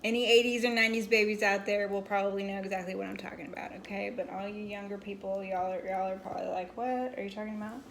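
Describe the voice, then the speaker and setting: A woman in her forties chatting casually to her viewers from home, rambling through a childhood story with plenty of asides. Her voice sits at a middling pitch, with a little faint room noise behind her. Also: flat delivery, fast talker, creaky, hardly any pauses, fairly bright tone. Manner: rambling, chatty, talks straight to viewers, scolds a pet mid-story. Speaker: crochet vlogger.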